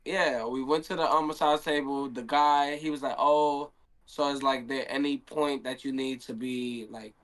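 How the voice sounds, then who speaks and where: A man's voice: medium pitch, fairly even intonation, moderate pace, fairly bright tone. A young man, a handball player, telling a story in a casual stream Q&A and acting out his own quotes.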